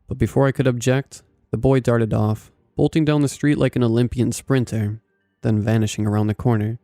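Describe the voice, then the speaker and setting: A man narrating a scripted first-person story in a measured, even way. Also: medium pitch, no echo, clean studio sound, soft background music.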